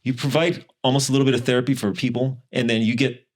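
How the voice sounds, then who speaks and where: A man's voice: medium pitch, level tone, fast. A man hosting a podcast in casual interview chat who rambles and veers off topic. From Los Angeles area. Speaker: podcast host.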